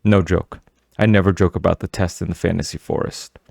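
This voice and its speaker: A man's voice: low-pitched, steady tone, a little fast, vocal fry, a little mellow, dry recording, studio quality, heavily acted. A man voicing a stern, mysterious woman of the forest who gives solemn commands in an audiobook. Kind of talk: audiobook character voice.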